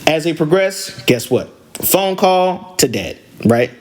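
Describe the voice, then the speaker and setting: A man hosting a podcast, casually telling a story from driving rideshare, animated and full of slang. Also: on the high side, slow. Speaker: podcast host and rideshare driver.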